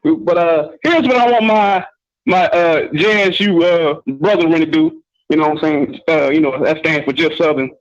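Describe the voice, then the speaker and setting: A man's voice: a little high, moderate pace. A male caller on a call-in show, teasing and laid-back in casual chat, often saying "you know what I'm saying". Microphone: phone. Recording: muffled phone line.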